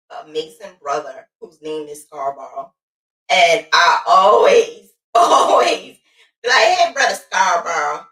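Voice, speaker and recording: A woman hosting a casual crochet livestream, lively and playful, chatting to viewers and greeting them by name. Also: medium pitch. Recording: roomy sound, mic at a distance.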